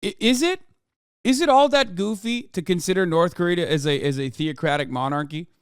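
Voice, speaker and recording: A man streams live and talks back to his chat in a profane, ranting way, dropping to a mutter and then rising to a yell. His voice is fairly high and clean, and the sound is close and dry with no room around it. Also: normal speed, smooth, no echo. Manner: profane, ranting, swings from mumbling to yelling. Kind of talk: livestream commentary, reading chat.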